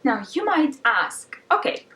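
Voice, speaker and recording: A woman's voice: fairly high pitch, lively intonation, normal speed. A woman language teacher patiently explaining pronunciation rules, sometimes adding fillers as she goes. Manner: patient and instructive, with occasional fillers. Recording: roomy sound from a distance.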